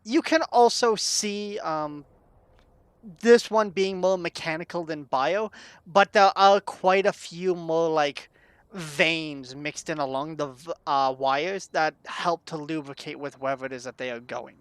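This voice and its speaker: A man narrating a tabletop game as game master, calmly describing the room and its people. His voice is bright and clear, recorded close and dry. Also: on the high side, measured pace, dry recording. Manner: descriptive, relaxed, with fillers.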